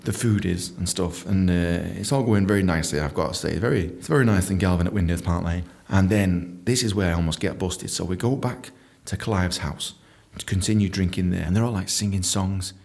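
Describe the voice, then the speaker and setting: A man telling a comic story, animated, often jumping into squeaky high voices for jokes. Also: a little fast, gravelly. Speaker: comedian storyteller.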